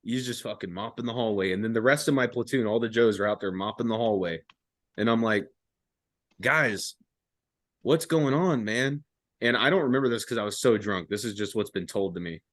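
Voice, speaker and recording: A man's voice: lowish voice, fast talker, no room sound. Young guy on a podcast telling a story, swears a lot, dry close sound. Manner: profane, animated storytelling with acted-out quotes. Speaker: podcast host. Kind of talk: casual storytelling chat.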